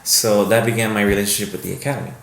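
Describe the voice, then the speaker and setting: Low-voiced man telling stories, roomy sound. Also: very fast, creaky. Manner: rambling, animated, acts out quoted voices. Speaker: film producer guest. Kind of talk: casual podcast storytelling. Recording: echoey room with faint noise.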